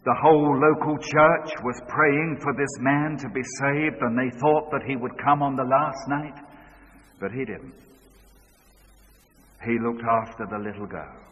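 A man preaching a sermon, moving between loud urgent calls and hushed storytelling. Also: medium pitch, measured pace. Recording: dull sound with long hall reverb.

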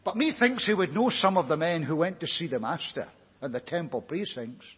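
Animated high-pitched preacher in echoey hall. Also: male voice, a little fast. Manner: dramatic storytelling with rhetorical questions. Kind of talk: sermon. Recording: echoey hall, dull lo-fi recording.

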